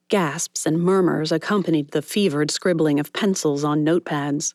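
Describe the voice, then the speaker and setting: A woman reading a novel aloud as audiobook narrator, in measured storytelling narration. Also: sits low, steady tone, a little mellow, no echo, studio quality. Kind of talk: scripted narration.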